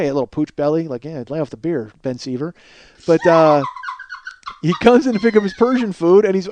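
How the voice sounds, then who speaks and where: A man hosting a comedy podcast tells a profane story, ranting as he acts out both sides of the conversation. His voice is fairly high and a little mellow, with no room sound.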